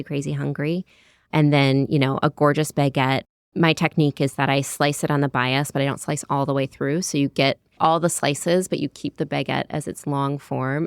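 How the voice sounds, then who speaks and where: A woman's voice: a bass voice, vocal fry, clean tone, no room sound, studio quality. An American woman in her thirties, a cookbook author chatting in an interview, descriptive with many "like" and "you know" asides. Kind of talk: conversational interview.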